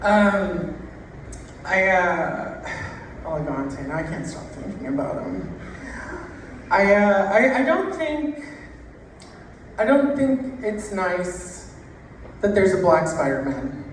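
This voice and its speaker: A woman doing a stand-up set in a slow, deadpan delivery that stretches her punchlines. Her voice sits in a middle range. It is picked up from a distance in a very echoey club with faint room noise behind. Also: medium pitch. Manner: unhurried, deadpan, drawn-out punchlines. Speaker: stand-up comedian.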